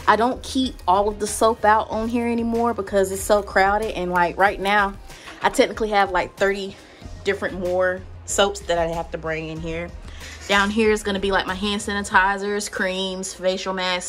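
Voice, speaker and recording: A woman's voice: mid-range voice, level tone, normal speed, faint music behind. A young adult woman giving a casual tour of her spa treatment room, listing items in a chatty way with lots of "like" and "um". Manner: chatty, filler-heavy listing with many "like" and "um". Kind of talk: casual walkthrough vlog.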